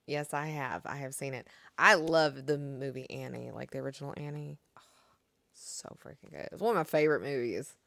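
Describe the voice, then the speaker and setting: A woman's voice: deep voice, vocal fry, fairly bright tone, no room sound, clean studio sound. A young woman streamer chatting casually with her viewers and reading their messages, laughing often. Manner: chatty, reads and answers chat, laughs often. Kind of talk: casual live-stream chat.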